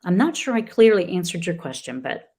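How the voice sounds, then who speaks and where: A middle-aged woman, a guest author in a conversational interview, who talks in an earnest, halting way with many restarts. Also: fairly low pitch, big pitch swings, warm tone, breathy edge.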